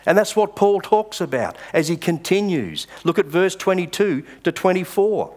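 A male pastor preaching a sermon, reading scripture with dramatic pauses and stressed words. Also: high-pitched, big pitch swings, a little mellow.

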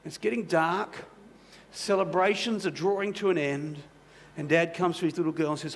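Gravelly-voiced pastor telling a story. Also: male voice, a little high, fairly even intonation, normal speed. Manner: conversational, many "you know" asides. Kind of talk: sermon with storytelling.

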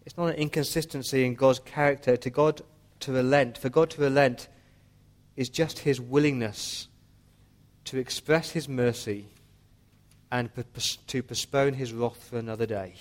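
A man's voice: medium pitch, steady tone, moderate pace. A man preaching a sermon as pastor, earnest and pleading with his listeners.

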